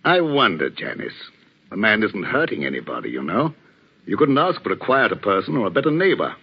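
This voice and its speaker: Worried older vicar, earnest, expressive, dull hissy recording. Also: male voice, fairly low pitch, fairly quick, slightly rough, heavily acted. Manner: anxious, earnest, fatherly. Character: worried older village vicar, kindly but sharp. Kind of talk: 1940s radio acting. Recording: dull old radio recording with faint hiss.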